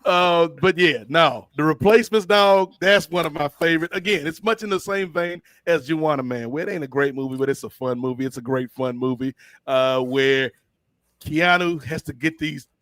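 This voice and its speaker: A man hosting a podcast, casually retelling movie scenes in an animated, slangy way. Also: a little high, normal speed, no echo, studio quality. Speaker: podcast host. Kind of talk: casual chat.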